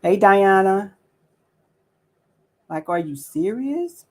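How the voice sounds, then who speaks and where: In a mid-range voice that swings widely in pitch and moves very slowly, a livestream host rants casually, swearing, repeating rhetorical questions, and pausing to greet viewers by name. The audio is poor.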